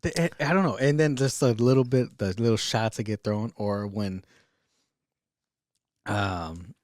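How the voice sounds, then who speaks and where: A man's voice: on the low side, a little slow, a little mellow, no echo, clean studio sound. A man co-hosting a podcast, chatting casually and acting out lines and laughing as he retells scenes. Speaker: podcast co-host. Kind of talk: casual chat.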